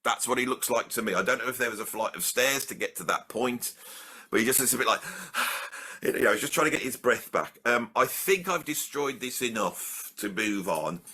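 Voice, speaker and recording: A man's voice: animated, normal speed, pushed and bright. Man ranting in mock outrage. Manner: mock-outraged rant that swings between low muttering and raised indignation. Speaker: comedy video host. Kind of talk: mock-serious comedic monologue.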